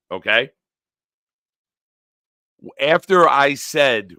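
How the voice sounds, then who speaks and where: A man hosts a casual sports live stream and rants freely, swearing often. His voice sits fairly low but comes across hard and forceful. The sound is dry and close, with no room around him. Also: animated, moderate pace, pauses often, dry recording. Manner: profane, riled-up ranting; answers live chat comments. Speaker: sports talk show host.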